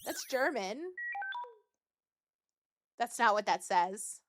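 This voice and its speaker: A woman's voice: medium pitch, slow, noisy background. A woman streaming a game, chatting casually in a playful, giggly way and meowing often. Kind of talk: casual gameplay commentary.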